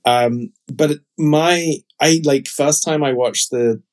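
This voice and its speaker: A man's voice: fairly high pitch, slow. A man in casual podcast chat, rambling and full of fillers as he shares opinions. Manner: chatty, rambling, frequent fillers. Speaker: podcast co-host.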